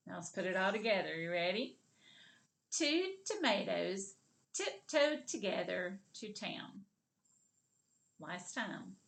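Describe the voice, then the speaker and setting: Kindergarten teacher lady, slow and encouraging, voice bouncing up and down a lot. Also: medium pitch, expressive, a bit bright. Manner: slow, clear and encouraging, drawing out sounds. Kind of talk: video literacy lesson for young children.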